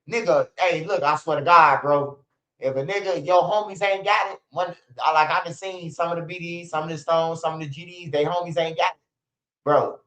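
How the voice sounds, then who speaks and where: A man's voice: fairly high pitch, sharp tone. A man in his forties telling rambling, profane stories on a livestream, with many restarts and laughs. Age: 40s. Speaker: channel host. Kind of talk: casual livestream storytelling. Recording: roomy, dull lo-fi stream audio.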